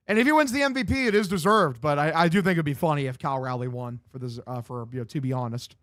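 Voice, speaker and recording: Young male streamer, fairly high voice, loose and profane, dead-dry home mic. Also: animated, quick pace, no room sound. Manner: loose, profane, reads chat aloud and answers. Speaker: streamer doing live play-by-play. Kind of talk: casual stream chat with play-by-play commentary. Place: home room.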